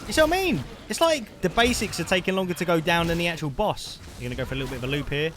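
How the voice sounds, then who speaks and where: A man giving live commentary over his gameplay, chatty and excitable, calling the listener mate. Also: fairly high pitch, racing. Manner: excitable, bursts into loud shouts at big plays. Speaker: gaming streamer. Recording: noisy background.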